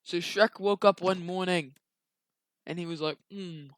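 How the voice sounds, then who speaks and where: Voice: medium pitch, steady tone, measured pace, a bit bright, smooth, dry recording. A young video creator casually retelling a story while drawing, rambling along with slangy asides.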